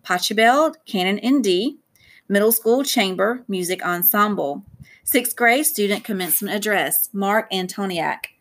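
Female audiobook narrator, plain, steady storytelling. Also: medium pitch, unhurried. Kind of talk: scripted narration.

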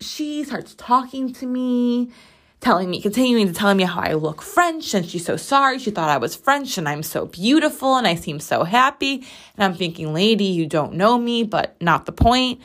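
Sarcastic young woman storyteller. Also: mid-range voice. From United States. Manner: animated and sarcastic, with rambling asides. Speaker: podcast host. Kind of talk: casual solo storytelling.

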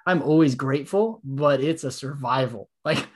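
A man co-hosting a podcast, telling animated stories in casual chat and acting out what people said. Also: mid-range voice, normal speed, breathy edge. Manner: animated storytelling, lots of "like", acts out quotes. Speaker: podcast co-host.

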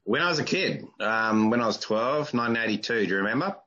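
A man's voice: mid-range voice, animated, fast, pushed and bright, muffled recording. A man in his forties with an Australian accent, hosting a casual podcast interview with blunt, crude teasing. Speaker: podcast host.

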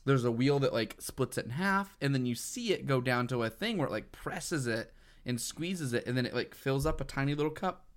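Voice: medium pitch, brisk. A podcast co-host in casual chat, telling stories animatedly with lots of "like" and restarts. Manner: animated storyteller, heavy use of "like".

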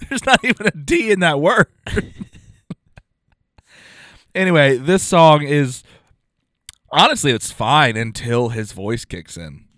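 A man co-hosting a podcast, joking around and laughing easily. His pitch moves a lot as he talks. He is close to the mic in a dry, dead-sounding space. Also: measured pace, no room sound. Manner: lively, jokey, laughs often. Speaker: podcast co-host. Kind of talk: casual chat.

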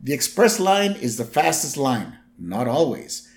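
A man's voice: medium pitch, big pitch swings, measured pace, vocal fry, a little mellow. A man putting on a polite, wry male convenience store clerk with a formal manner. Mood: explaining. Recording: roomy echo.

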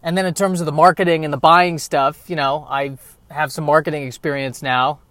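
A man's voice: fairly high pitch, fairly even intonation, fairly quick, a bit bright, dry recording. A man in his thirties hosting a podcast, rambling through a self-deprecating comedic monologue. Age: 30s. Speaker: podcast host.

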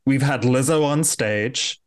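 A man co-hosting a podcast, telling stories in a campy, animated way and acting out quotes. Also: mid-range voice, slow. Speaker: podcast co-host. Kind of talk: casual chat.

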